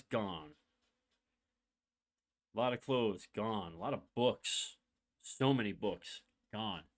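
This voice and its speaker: A young podcast host tells a long personal story, rambling and candid, full of fillers and asides. He's emotional and holding back tears. His voice is lowish and a bit bright.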